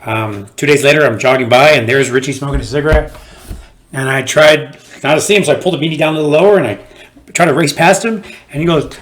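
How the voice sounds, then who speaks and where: A man's voice: fairly high pitch, fast talker. A man doing a stand-up set for a home-made video with no audience, telling stories and acting out the people in them. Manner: animated storyteller who acts out the people in his stories. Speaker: stand-up comedian.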